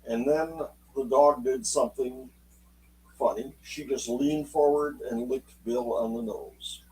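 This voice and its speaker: A man telling a true story aloud in an unhurried, folksy way, voicing the people in it as he goes. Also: mid-range voice, fairly even intonation, a little mellow, far from the mic, rough recording. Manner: unhurried, folksy, acts out quotes in dialogue. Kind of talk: spoken oral storytelling.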